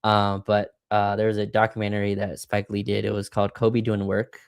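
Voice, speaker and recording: Low-ish guy on a sports podcast, casual, kinda analytical, hedges a lot, dry close sound. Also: completely flat delivery, fairly quick, clean tone, dry recording. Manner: analytical, hedging. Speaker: podcast co-host. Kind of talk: casual sports recap chat.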